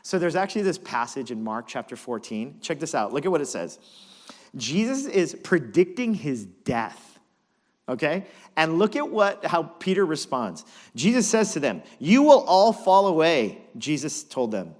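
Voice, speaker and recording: A man preaching as pastor, telling a story with animated, dramatic delivery. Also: fairly high pitch, moderate pace, in a large hall. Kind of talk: sermon.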